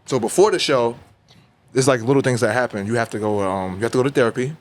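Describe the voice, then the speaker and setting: Animated New man telling stories. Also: mid-range voice, quick pace. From New York. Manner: animated storyteller who acts out dialogue. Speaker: rapper guest. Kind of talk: casual interview storytelling.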